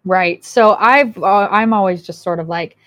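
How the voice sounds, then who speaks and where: A woman's voice: mid-range voice, a little slow, dry recording. A woman hosts a podcast, telling stories candidly and with plenty of life, often dropping into little quoted voices. Her voice sits in a middle range and sounds close and dry, with hardly any room around it. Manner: candid, animated storyteller with quoted asides. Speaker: podcast host. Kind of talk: casual chat.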